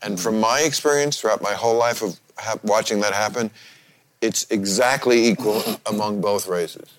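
A man in his sixties hosting a casual chat, wry and a little halting, often breaking into laughter. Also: fairly low pitch, noisy background. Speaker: podcast host.

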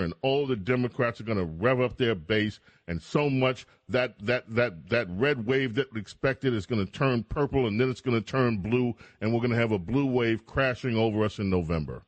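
A male talk radio host puts long, pointed questions to his guest. His manner is emphatic and mocking. The sound is dry, with no room echo. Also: medium pitch.

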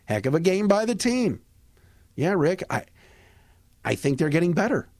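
A man hosting a sports podcast, giving a casual postgame recap in a lively, conversational way with fillers and restarts. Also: sits high, normal speed, no echo, clean studio sound. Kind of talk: casual postgame recap and host-read ads.

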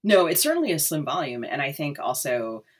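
Woman talking about a novel, kinda husky, lots of ums, thinks out loud. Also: sits low, big pitch swings, fairly quick. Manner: thoughtful, hesitant, many fillers. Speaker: book discussion co-host. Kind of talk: casual book chat.

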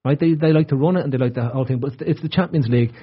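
A man's voice: medium pitch, racing, slightly rough. A man hosting a casual podcast, rambling and joking with friends and laughing often. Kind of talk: casual banter. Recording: dull lo-fi audio.

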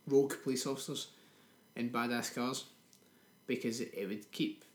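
A man's voice: mid-range voice, steady tone, normal speed. A man, co-hosting a podcast and trading crude jokes in casual film-review chat. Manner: crude, joking banter. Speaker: podcast co-host. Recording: roomy echo.

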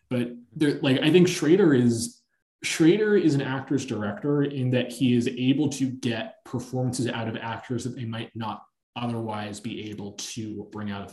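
Man, podcast host, casual film chat, animated anecdotes, echoey room. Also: mid-range voice, moderate pace. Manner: animated, long-winded anecdote telling.

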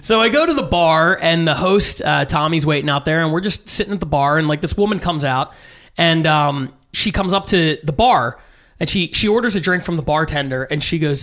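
A man in his thirties tells a long story in a slightly high, lifted voice. He acts out quotes with swearing and moves easily between his own lines and everyone else's. He is a comedian in casual conversation. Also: a little fast, a bit bright. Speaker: stand-up comedian guest.

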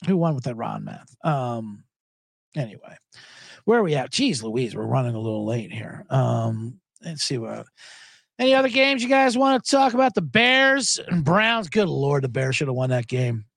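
A man hosting a casual sports podcast, talking in an animated, profane way and jumping between topics with loud mocking impressions. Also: mid-range voice, normal speed, gravelly, no room sound, studio quality. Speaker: podcast host.

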